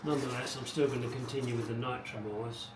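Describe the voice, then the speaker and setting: A middle-aged man talks fast in a mid-range voice with fairly even intonation, narrating his car restoration in a casual, wry, rambling way with muttered asides. He's recorded in his home garage, so the sound is echoey, with a distant mic and background noise.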